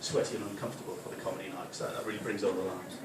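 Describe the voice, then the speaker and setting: A man's voice: low voice, little pitch movement, very fast. A young man from Newcastle with a mild Geordie accent doing his first stand-up set, chatty, sweary and teasing the crowd. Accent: mild Geordie, mostly softened. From Newcastle, England. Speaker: stand-up comedian. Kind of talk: stand-up comedy. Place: small club function room with audience. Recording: far-off, echoey room, noisy crowd.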